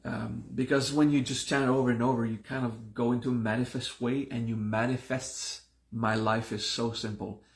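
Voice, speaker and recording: A man with a gravelly, creaky voice teaches a spiritual class in an easygoing, conversational way. He circles back over his points and often restarts his sentences mid-thought. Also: medium pitch, little pitch movement, fairly quick, hardly any pauses. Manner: conversational, repeats himself, many restarts. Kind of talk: live-streamed class talk.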